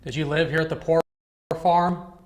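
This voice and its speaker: A man investigating a dark, cold old building alone, talking in a hushed, jumpy way and calling out to unseen spirits. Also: a little high, steady tone, normal speed, a little hiss or hum. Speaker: paranormal investigator. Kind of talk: ghost-hunting narration and calling out to spirits.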